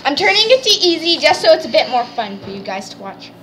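A woman hosting a let's play, chatting excitedly and explaining the game as she goes. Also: sits high, quick pace, a little hiss or hum. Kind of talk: casual gameplay chat.

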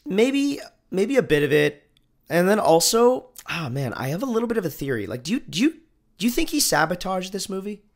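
A man's voice: high voice, very animated, a little fast. A man co-hosting a podcast in casual film-review chat, easygoing with hesitant restarts. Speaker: podcast co-host.

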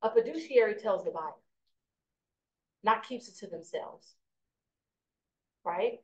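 A middle-aged woman teaching a live real estate class, telling stories with lively energy and often checking in with "right?". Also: medium pitch, slow. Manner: animated storyteller, asks "right?" often. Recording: echoey lo-fi room recording.

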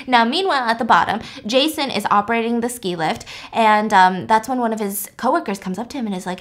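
A woman's voice: fairly high pitch, fast, few pauses. A young woman hosting a podcast, casually and animatedly retelling a movie plot with joking asides. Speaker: podcast host. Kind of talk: casual storytelling recap.

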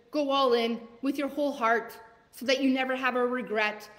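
A woman coach giving a live motivational masterclass, urging listeners on with rapid-fire repeated commands. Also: high voice, fairly even intonation, fairly bright tone, in a large hall. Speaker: leadership coach.

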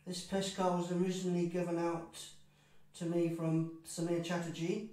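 A man teaching tabla, explaining patiently and chanting drum syllables slowly. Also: high-pitched, monotone, warm tone. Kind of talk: spoken music lesson. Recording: echoey room, mic far off.

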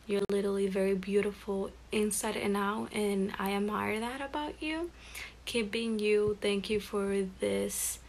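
A woman's voice: medium pitch, creaky, a little hiss or hum. A teenage girl recording a heartfelt, rambling birthday message to a close friend, talking earnestly and a little self-consciously.

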